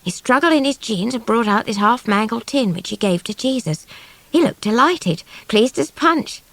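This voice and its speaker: A woman's voice: fairly high pitch, animated, moderate pace, fairly bright tone, no echo. A woman narrating a story in a chatty, girlish first-person voice. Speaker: audiobook reader.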